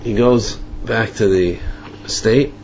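A man telling a folk tale in a casual, halting way, often repeating words and restarting. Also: lowish voice, creaky, a little mellow, slight background noise. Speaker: storyteller. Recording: muffled lo-fi with faint ambience.

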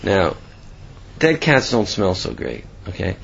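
A man's voice: low-pitched, slow pace, creaky, slightly rough, dull audio. A man giving a sermon and telling parables, asking himself questions as he goes. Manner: storytelling, animated, asks himself questions.

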